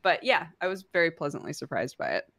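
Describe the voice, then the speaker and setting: A woman's voice: low-pitched, big pitch swings, fast talker, gravelly, fairly bright tone, no echo, clean studio sound. A woman co-hosting a podcast, chatting casually with many fillers and laughing asides. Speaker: podcast co-host. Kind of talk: casual chat.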